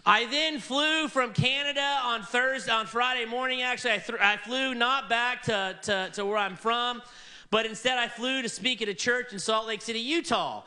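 A man's voice: extremely high pitch, moderate pace. A man preaching a story-driven sermon, acting out the people he quotes with shifting voices. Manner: animated, acts out quoted people in varied voices.

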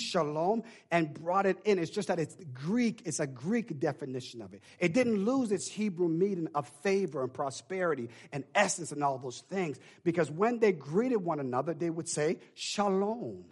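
A man preaching a sermon, calling on the congregation to answer him and building from quiet talk to loud shouting. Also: fairly high pitch, husky.

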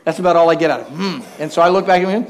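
High-voiced, animated preacher man. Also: very fast. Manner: animated storytelling, acts out quoted voices with humor; asks the congregation for responses. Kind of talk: sermon.

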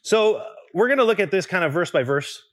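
A young man preaching a sermon in a relaxed, conversational way, with restarts and asides to the congregation. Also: high-pitched, fairly quick. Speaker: pastor.

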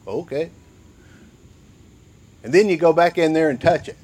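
Slow-talking older preacher man. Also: high voice, a little mellow. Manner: folksy, conversational preaching with acted-out quotes; slow and drawn out. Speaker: pastor. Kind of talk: sermon.

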